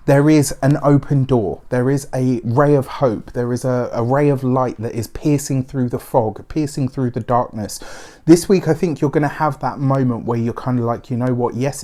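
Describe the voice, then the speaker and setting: A man's voice: mid-range voice, dark tone. A man giving a weekly tarot reading, talking in a chatty, reassuring way with frequent asides. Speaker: tarot reader.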